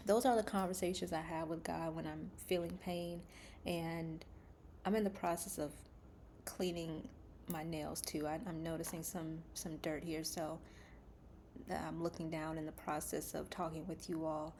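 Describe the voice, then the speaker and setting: A woman speaking calmly and gently to her viewers about faith and coping with pain, with soft breathy asides. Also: deep voice, measured pace, a little hiss or hum. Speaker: faith and wellness vlogger. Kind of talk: calm reflective talk to camera.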